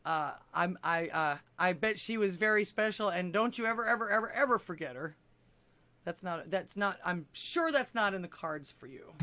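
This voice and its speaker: A woman's voice: fairly low pitch, lively intonation, normal speed. A woman hosting a live call-in talk show, chatting in a laid-back way with callers. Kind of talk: casual call-in chat.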